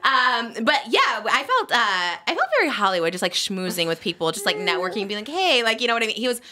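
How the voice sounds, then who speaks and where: A woman's voice: mid-range voice, sing-song, fast, sharp tone, a little hiss or hum. A woman in her thirties hosting a podcast, telling a story in a gushing, giggly, casual way. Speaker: podcast host. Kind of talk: casual chat.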